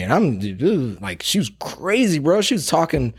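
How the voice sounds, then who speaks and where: A man, a real estate agent, telling a story in casual chat, slangy and quick to laugh. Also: on the high side, slightly rough. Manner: animated, slangy, laughs a lot.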